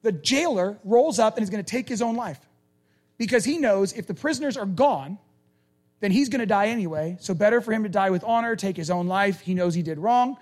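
A male preacher giving a conversational, animated sermon and acting out quoted lines. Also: high voice, brisk.

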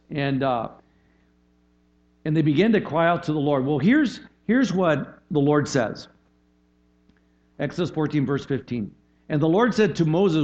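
A man's voice: fairly high pitch, moderate pace, darkish tone, dull audio. A man preaching a sermon as a pastor, in a conversational way, often checking in with "right?" and restarting his phrases.

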